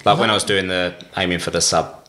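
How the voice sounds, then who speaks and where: A man's voice: low voice, flat delivery, brisk, bright, forceful tone. A man in his fifties chatting casually on a podcast, modest and matter-of-fact about his running. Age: 50s. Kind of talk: casual chat.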